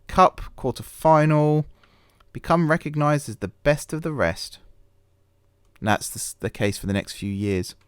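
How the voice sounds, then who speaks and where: A man's voice: mid-range voice, clean tone, dry recording, studio quality. A man hosting a gaming channel, chatting casually over a management game, rambling and poking fun at himself with many fillers and restarts. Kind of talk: casual let's-play commentary.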